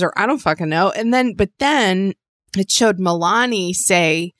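A woman co-hosts a casual podcast with wry, crude humor and quick exclamations. Her mid-pitched voice is recorded close and dry. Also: lively intonation, fairly bright tone, dry recording. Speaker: podcast co-host. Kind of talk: casual chat.

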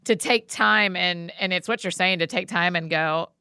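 Woman, interviewer, bright tense voice, lowish pitch, dry sound. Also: moderate pace, smooth, no room sound. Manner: affirming, reacts with short interjections. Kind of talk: conversational interview.

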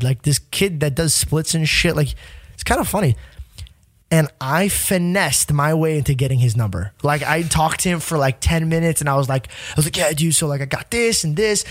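A young man rattles through a story at a rapid clip, animated and profane, slipping into the voices of the people he quotes. His voice sits close and dry, with no room around it. He laughs often as a podcast guest in casual chat. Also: medium pitch, no room sound.

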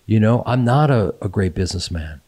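A low-voiced man in his fifties hosts a relaxed podcast chat. He speaks in a mellow, dark tone and often stumbles and restarts his sentences. He comes across as earnest and self-deprecating. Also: fairly quick. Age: 50s. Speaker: podcast host. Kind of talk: casual chat.

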